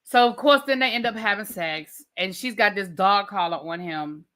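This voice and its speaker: A woman's voice: medium pitch, normal speed, fairly bright tone. A woman hosting a casual live TV review, chatty and colloquial, acting out the scenes as she recaps them. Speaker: show reviewer and host.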